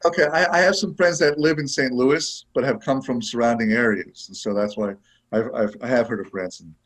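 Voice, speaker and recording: A man's voice: medium pitch, a little fast, low-quality recording. A man who is a guest actor in a casual interview, talking in a rambling way full of fillers. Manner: rambling, lots of "like" and "you know".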